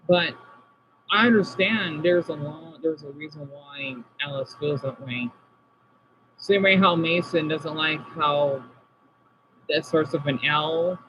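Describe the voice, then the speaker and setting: A man from the United States talks with his livestream chat, calling out viewers by name and apologizing often. His voice sits high for a man. A faint background hum runs under the recording. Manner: chatty, responds to viewers by name, apologetic asides. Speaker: livestream host reading chat.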